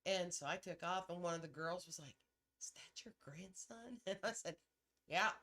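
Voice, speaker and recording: A woman's voice: fairly low pitch, steady tone, a little fast, a bit bright. A middle-aged grandmother, co-hosting a casual chat and telling blunt, salty stories with laughs. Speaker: podcast co-host.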